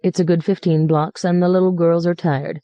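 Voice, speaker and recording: A woman reading as a buttoned-up father holding on to his manners with clipped, strained courtesy. The voice is low, soft-toned and dry, set close to the mic. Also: level tone, moderate pace, dry recording, lightly acted. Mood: restrained politeness. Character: stiff, formal middle-aged father.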